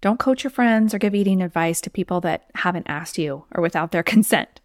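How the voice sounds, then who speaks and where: A woman's voice: lowish voice, a little fast, no room sound. Conversational woman podcast host, dry sound. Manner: encouraging, conversational, acts out inner voices. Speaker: podcast host, weight loss coach. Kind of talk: solo podcast monologue.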